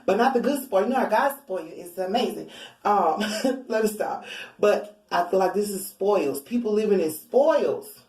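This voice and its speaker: A woman's voice: medium pitch, animated, normal speed, a little mellow. Woman, tarot reader, casual spiritual reading, roomy sound. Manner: chatty, informal, laughs often. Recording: roomy, a bit far from mic.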